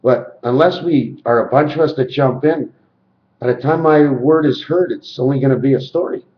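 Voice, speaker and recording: A man talking to camera in a rambling monologue, jumping into quoted voices with sudden pitch leaps. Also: normal speed, roomy sound, lo-fi sound. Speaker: video maker.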